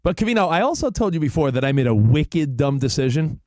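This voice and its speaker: A man's voice: fairly high pitch, quick pace, dry recording, clean studio sound. A middle-aged man co-hosting a sports radio show, chatting casually and acting out quotes as he tells a story. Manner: animated storyteller, acts out quotes. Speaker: co-host.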